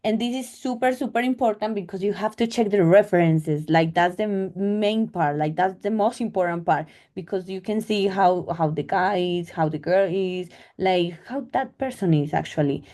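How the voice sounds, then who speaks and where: A young woman with a Colombian accent talks through her travel stories in a loose, chatty way. Her voice is mellow and soft-edged. She leans on filler words and acts out the conversations. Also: mid-range voice, normal speed, few pauses. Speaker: travel vlogger. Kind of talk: casual storytelling.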